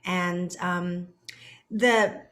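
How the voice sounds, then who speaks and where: A woman in her thirties hosting a podcast in casual chat from an office, chatty and relaxed, laughing often. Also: on the low side, drawn-out words. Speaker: podcast host, dentist.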